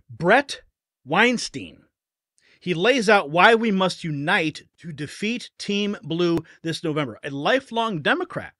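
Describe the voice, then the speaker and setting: Male live-stream host, fervent commentary, bright forceful voice, dry close sound. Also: sits high, dry recording. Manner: fervent, emotional, talks back to clips. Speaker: political news host.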